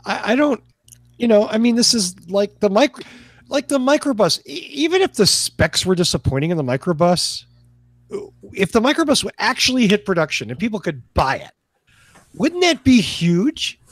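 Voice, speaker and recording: A man's voice: sits high, big pitch swings, moderate pace, no echo. A man co-hosting a podcast, chatting casually and joking, with hesitant restarts. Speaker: podcast co-host. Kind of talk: casual chat.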